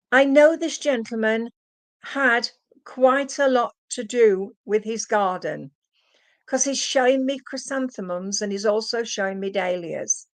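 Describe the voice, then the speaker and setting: A woman giving psychic card readings on a live stream, calling viewers "sweetheart" as she relays messages from spirits. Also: a little high. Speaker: psychic medium.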